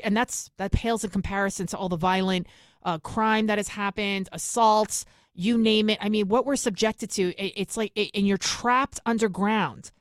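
A woman's voice: medium pitch, no room sound, clean studio sound. A woman from New York City with a New York accent, hosting an opinionated political monologue in an indignant, emphatic way. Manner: indignant, emphatic, rapid asides. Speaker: political commentary host.

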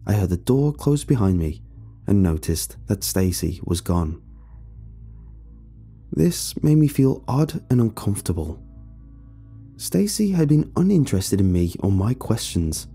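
Gravelly low-voiced male story narrator. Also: sing-song, warm tone, soft background music. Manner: measured, storytelling delivery. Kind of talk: scripted first-person horror narration.

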